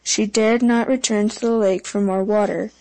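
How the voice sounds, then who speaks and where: A woman narrating a fairy tale audiobook in an even, measured storytelling manner. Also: medium pitch, poor audio.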